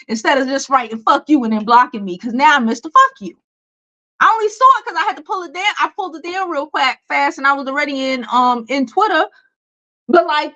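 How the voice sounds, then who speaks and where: A woman's voice: sits high, fairly bright tone, rough recording. A young woman, hosting a casual celebrity commentary vlog in a blunt, profane, dismissive way with many fillers. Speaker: beauty and celebrity news host.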